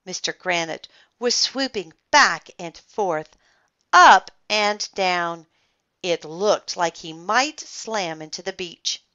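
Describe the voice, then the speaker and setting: A woman reading a children's book aloud in an expressive, animated storytelling manner. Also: on the low side, slow, muffled recording.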